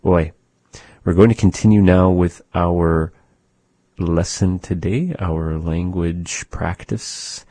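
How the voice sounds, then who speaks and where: A man's voice: deep voice, steady tone, slow pace, warm tone, dry recording. A man teaching a language lesson on a show, patiently demonstrating sounds aloud.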